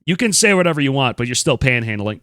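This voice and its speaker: Male streamer, lively bright tone, dry close sound, blunt and disbelieving. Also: mid-range voice, fast, no echo. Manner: blunt, incredulous, swears freely. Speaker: streamer host. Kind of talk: casual stream commentary.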